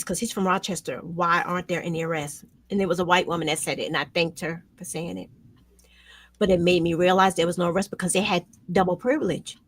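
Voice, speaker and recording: A woman hosting a talk show, speaking with raw emotion, her voice swinging between loud outbursts and hushed near-whispers. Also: on the low side, no echo. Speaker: show host. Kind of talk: emotional commentary chat.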